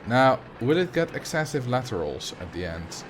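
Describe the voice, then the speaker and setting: A man's voice: mid-range voice, normal speed, background noise. A man streaming a park-building game, chatting casually and thinking aloud as he plays. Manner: relaxed, thinking aloud while playing. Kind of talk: casual gameplay commentary.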